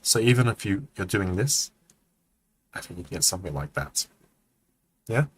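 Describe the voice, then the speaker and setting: A man giving casual feedback on student animation during a livestream, relaxed and chatty, thinking aloud with frequent ums and acting out poses as he explains. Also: low-pitched, normal speed, breathy edge. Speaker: animation mentor reviewing student work.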